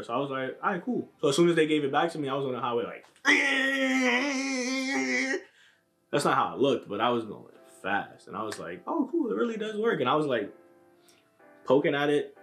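A man's voice: medium pitch, a bit bright. A young man casually telling a story to camera in a laid-back, slang-heavy way, acting out what people said to him. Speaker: vlogger.

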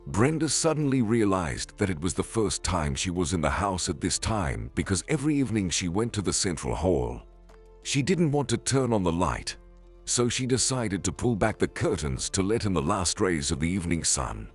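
A man narrating a scripted story in an even, measured way. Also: deep voice, breathy edge.

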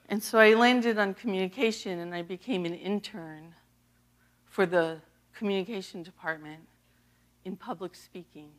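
In a mid-range voice, measured and frequently pausing, a middle-aged East Coast associate pastor delivers her testimony sermon. She's animated and laughs often while telling it.

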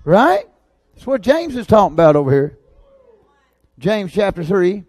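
A man preaching a sermon with a lilt and a notably high-pitched voice. He swings from booming, excited shouts down to low, urgent asides. The sound is close and dry, with no room around it. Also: a little slow, no echo. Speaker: pastor.

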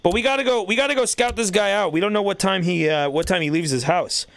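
A man streaming a video game, commenting casually, excitable and swearing as he yells at the game. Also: high voice, fast talker, vocal fry, no room sound, studio quality.

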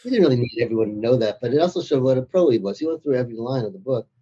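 A man's voice: mid-range voice, animated, rapid-fire, mellow, slightly rough, dull audio. A man being interviewed as an author, chatty and laughing as he tells his stories. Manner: chatty storyteller, laughs through his anecdotes. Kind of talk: anecdotal interview conversation.

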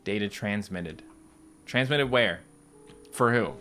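Animated joking man playing a game. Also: lowish voice, unhurried, music in the background. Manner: joking, exclamatory, reads on-screen text aloud. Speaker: gaming video host. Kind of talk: let's play commentary.

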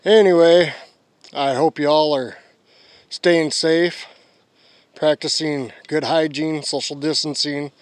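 A man's voice: on the high side, fairly even intonation, slow, long pauses, no echo. A young man vlogging and telling a story to camera in a crude, rambling way, swearing a lot.

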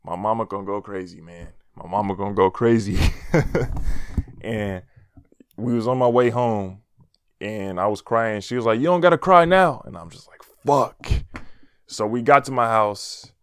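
A man's voice: lowish voice, steady tone, normal speed, clean tone, dry recording. A young man telling a personal story in a loose, slangy, cursing storytime vlog, laughing at himself now and then. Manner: casual, slangy, swears often; laughs at his own story. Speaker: vlogger.

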